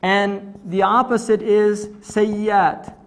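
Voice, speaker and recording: A man with a notably high speaking voice delivers a religious lecture to a live audience. He explains terms patiently, recites short scripture passages, and drops into casual asides and rhetorical questions as he teaches. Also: flat delivery, slow.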